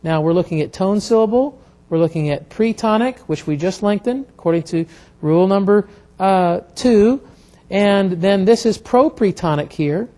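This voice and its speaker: A man teaching a classroom grammar lecture, explaining step by step in a halting way with many pauses and restarts. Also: high voice, dark tone. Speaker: Hebrew instructor.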